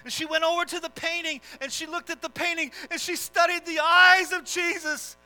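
High, bright-voiced impassioned preacher. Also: male voice, flat delivery, normal speed, low-quality recording. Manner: impassioned, swelling emphasis. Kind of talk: dramatic sermon storytelling.

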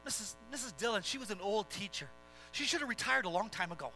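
A male preacher delivering a sermon with an earnest, dramatic storytelling drive. His voice is very high for a man and bright and sharp, with faint music behind him. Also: lively intonation, fast, poor audio. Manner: earnest, swelling into dramatic retelling.

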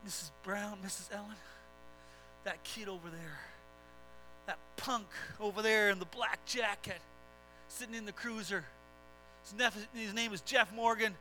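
A gruff, angry policeman with a voice dropped well below the storyteller's own, as a preacher acts him out. He blusters and rails with indignant force, his tone still bright and cutting. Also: high voice, steady tone, measured pace, long pauses, faint music behind, pitched below the performer's own voice, exaggerated voice, low-quality recording.

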